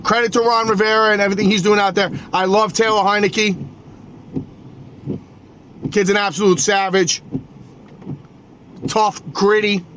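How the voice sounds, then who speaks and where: Male New podcast host, high voice, hot-headed profane sports rant, stammering restarts, noisy background. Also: flat delivery, moderate pace, long pauses, fairly bright tone.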